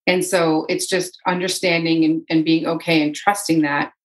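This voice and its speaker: A woman's voice: sits low, flat delivery, moderate pace, low-quality recording. A woman, a podcast guest and energy healer, speaking in a flowing way and often repeating her phrases. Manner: flowing, repeats phrases, voices inner thoughts in quotes. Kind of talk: casual podcast interview.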